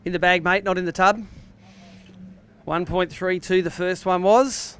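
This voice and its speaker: A man's voice: high voice, fairly even intonation, unhurried, a bit bright, clean tone. An Australian man emceeing a live fishing weigh-in outdoors by a lake, with jokey, upbeat banter. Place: outdoor lakeside weigh-in stage.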